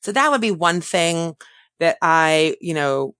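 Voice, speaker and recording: A woman therapist answering interview questions in a thoughtful way, often pausing and correcting herself. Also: on the low side, lively intonation, a bit bright, clean tone, no room sound, studio quality. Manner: thoughtful, self-correcting, many fillers.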